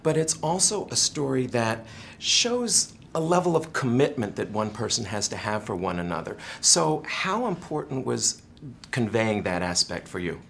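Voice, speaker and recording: A man, an entertainment reporter, asking polished, measured questions in a press interview. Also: mid-range voice, big pitch swings, creaky, fairly bright tone, a little hiss or hum.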